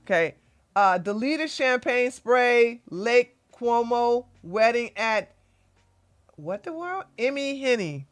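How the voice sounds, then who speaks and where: A woman hosting an opinionated commentary show, talking bluntly and emphatically, often tagging points with "okay?" and getting loud when she acts out arguments. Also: fairly high pitch, takes it slowly, clear, resonant tone, no echo. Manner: gets loud and animated when acting out arguments. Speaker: commentary channel host.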